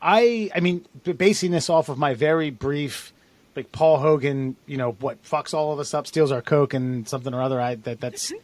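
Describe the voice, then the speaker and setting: A man's voice: fairly high pitch, normal speed, a little mellow, dry recording. A man co-hosting a podcast, casually reading out listener comments with loose, jokey asides and frequent laughs. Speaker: podcast co-host.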